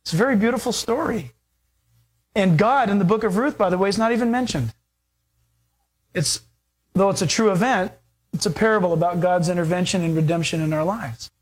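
A preacher with a mid-pitched voice retells a scripture story in a loose, conversational way. The delivery is animated and full of everyday fillers. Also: a little fast, pauses often, slightly rough. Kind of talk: sermon storytelling.

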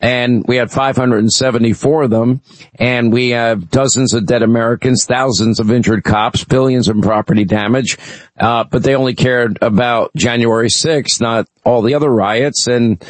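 A man's voice: mid-range voice, steady tone, normal speed, no echo, rough recording. A man hosting a talk radio show, giving emphatic, opinionated commentary with frequent fillers. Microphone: studio microphone.

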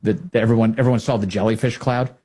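A man hosting a political commentary show, mocking news clips in a sarcastic, animated way. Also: lowish voice, fast talker, husky.

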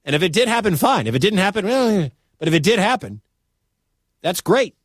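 Man, midwestern american, sports radio host, lively pitch, dry studio sound. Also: brisk, breathy edge, dry recording. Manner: animated, incredulous, conversational.

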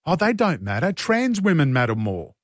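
A man's voice: fairly high pitch, huge pitch swings, moderate pace, no echo, clean studio sound. A man with an Australian accent hosting talkback radio, blunt and exasperated as he takes calls and reads out texts. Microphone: studio broadcast mic.

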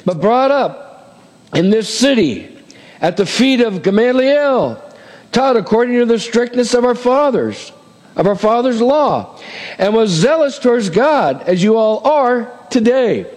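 A pastor preaching a sermon, reading scripture aloud and acting out the characters with shifting voices. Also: male voice, very high-pitched, big pitch swings, measured pace, a little mellow, long reverb tail.

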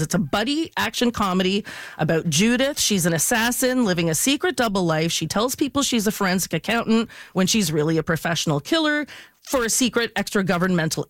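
A woman working as a film and TV critic, giving an enthusiastic, lively radio review in a casual tone. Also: mid-range voice, no room sound. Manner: enthusiastic, animated storytelling.

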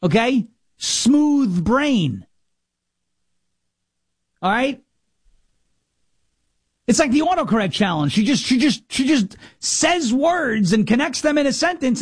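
A man's voice: very high-pitched, sing-song, slow, pauses often, slightly rough, dry recording, clean studio sound. A man hosting a talk show, mocking and sarcastic as he comments on played clips.

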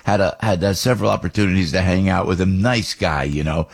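Rambling husky-voiced man. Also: sits low, quick pace. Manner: rambling, many fillers and restarts, excitable. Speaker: radio host. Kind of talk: rambling monologue.

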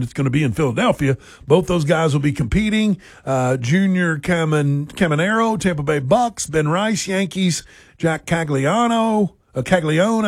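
A man co-hosting a casual sports talk show with a gravelly, husky voice and teasing banter. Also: a little high, no room sound, clean studio sound. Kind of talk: casual sports radio chat.

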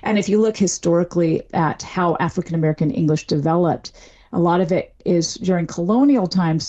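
A woman who is a linguistics professor, giving measured academic answers as a radio interview guest. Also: on the low side, warm tone. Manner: measured, academic, thinks aloud with fillers.

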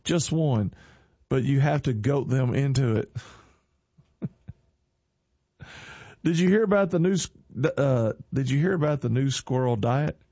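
A middle-aged man with a drawl chats casually and tells corny jokes, chuckling at them himself. His voice sits at an ordinary pitch and has a folksy, earnest manner. The recording is dry and a little dull. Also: animated, unhurried, pauses often, mellow, no room sound. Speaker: online show host.

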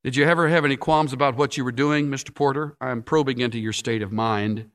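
A man's voice: mid-range voice, steady tone, fast, fairly bright tone, natural voice. A man reading out a senator's pointed questions to a witness during a sermon. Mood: probing. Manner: pressing, insistent questions.

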